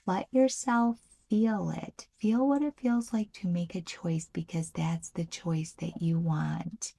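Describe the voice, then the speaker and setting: A woman giving a weekly tarot horoscope reading, earnest and often dropping into a soft half-whisper, with emphatic stresses on the card names. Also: fairly low pitch, takes it slowly, gravelly, breathy edge. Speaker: tarot reader.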